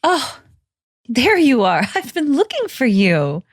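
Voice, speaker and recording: A woman's voice: high voice, huge pitch swings, slow, dry recording, clean studio sound. A woman playing a tabletop role-playing game, speaking in character with a flustered, sweetly overbearing manner. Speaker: player.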